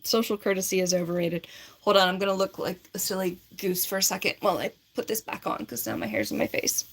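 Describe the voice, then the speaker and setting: A woman's voice: medium pitch, steady tone, fast talker. A woman in her forties on a casual livestream, reading and answering viewer comments in a rambling, giggly way with lots of filler words. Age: 40s.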